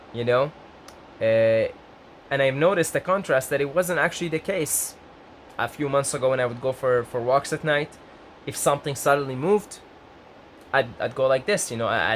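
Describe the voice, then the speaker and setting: A young adult man talking casually to the camera as a vlogger, rambling with restarts and jumping up in pitch when he gets excited. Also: a little hiss or hum. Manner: rambling, self-interrupting, lively pitch jumps when excited.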